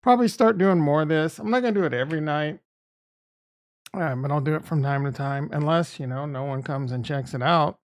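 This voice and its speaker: A man's voice: on the high side, brisk. A man hosting his own live stream in a casual, rambling way, often breaking off mid-sentence and filling gaps with "uh" and "like". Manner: rambling and self-interrupting, with frequent fillers. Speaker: streaming channel host.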